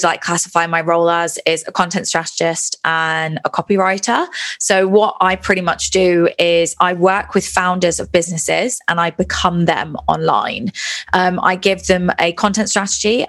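A woman from the UK with a polished, posh southern English accent talks casually as an interview guest. Her voice sits a little low, and she laughs easily. She speaks over a video call. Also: a bit bright. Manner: well-spoken, laughs easily. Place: Bali, Indonesia.

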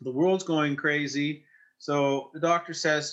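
A Canadian man in his forties, a firefighter, telling an emotional personal story in an interview in a halting way, with many restarts. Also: on the high side, a bit bright, lo-fi sound. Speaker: firefighter and investor.

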